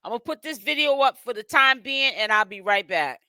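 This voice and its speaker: Boston-raised male streamer, bright forceful tone, talks straight to the chat. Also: extremely high pitch, expressive, normal speed, no room sound. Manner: chatty, addresses chat and guests directly. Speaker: livestream host. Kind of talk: casual livestream chat.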